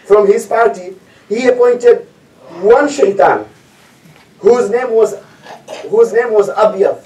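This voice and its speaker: A man's voice: sits high, animated, slow pace, warm tone. A man giving a storytelling sermon as lecturer, repeating phrases for emphasis and asking rhetorical questions. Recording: echoey hall, distant mic.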